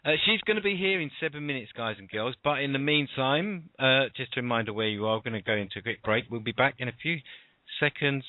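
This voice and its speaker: A man's voice: medium pitch, fast, no room sound. Chatty British man hosting over phone-line audio. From United Kingdom. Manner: chatty, rambling, with many fillers and restarts. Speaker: radio show host. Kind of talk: casual internet radio chat. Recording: dry, phone-like call audio.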